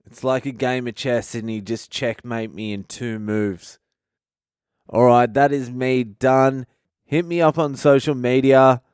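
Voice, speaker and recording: A man's voice: medium pitch, steady tone, measured pace, a little mellow, clean tone, no echo. A man, a comedian hosting a podcast and telling a profane, laid-back story into a close mic.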